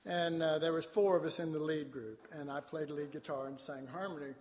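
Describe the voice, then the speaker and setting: A man's voice: a little high, steady tone, a little fast, a little mellow. Man preaching in an echoing church hall. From Dallas, Texas. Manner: folksy storytelling, colloquial, with laughs and asides. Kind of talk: sermon. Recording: long hall reverb.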